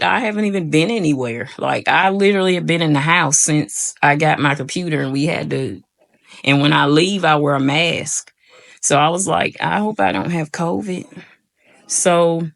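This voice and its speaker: A woman's voice: low voice, a bit bright. A young woman telling a personal story to her viewers in a casual, rambling way, full of "like" and "y'all". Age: young adult. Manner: rambling, frequent "like" fillers, addresses viewers as y'all. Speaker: vlogger.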